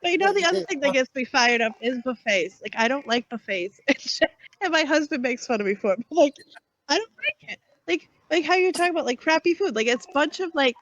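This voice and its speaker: High, lively woman chatting casually. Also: fast talker, dry recording, highs cut off. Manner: hesitant, filler-heavy, giggly. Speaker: podcast co-host. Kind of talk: casual chat.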